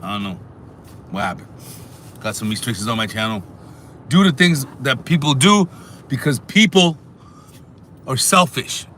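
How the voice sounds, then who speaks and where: A man hosts a casual live stream and talks back to his viewers' messages in an animated way. His voice is bright and forceful at a middle pitch. Faint noise sits in the background. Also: normal speed, pauses often. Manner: animated, talks back to chat, sings snatches.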